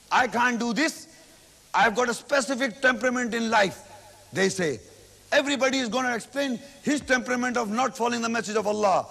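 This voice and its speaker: A male lecturer with a high, gravelly voice explains scripture at a patient pace, saying each line again. He acts out quoted speech with sudden emphatic rises. The old recording carries a long hall reverb. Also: a bit bright. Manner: repetitive, explains each verse slowly, recites Arabic then translates. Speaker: Islamic lecturer. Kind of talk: religious lecture.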